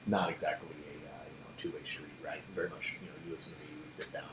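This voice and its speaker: A man's voice: a bass voice, steady tone, fast, background noise, pitched below the performer's own voice. A man voicing a lanky young male student who talks casually and confidingly, in an echoey room.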